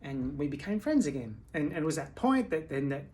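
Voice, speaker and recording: A tired woman speaking candidly at home in a personal video diary, halting, with many restarts and fillers. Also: low-pitched, big pitch swings, darkish tone. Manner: candid and confessional. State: tired from sleepless nights. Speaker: vlogger.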